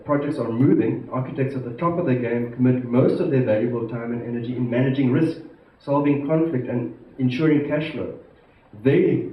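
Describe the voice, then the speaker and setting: A man from South Africa, an institute president giving a formal conference address, measured and emphatic, stressing key words. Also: mid-range voice. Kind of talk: formal prepared speech to a conference. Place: large conference hall. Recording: echoey hall, distant mic, muffled, faint hiss.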